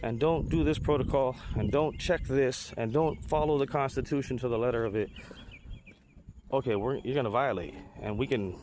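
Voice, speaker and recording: A man's voice: medium pitch, moderate pace, noisy background. A man, hosting a talk show and delivering a heated, profane, mocking political rant. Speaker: podcast host.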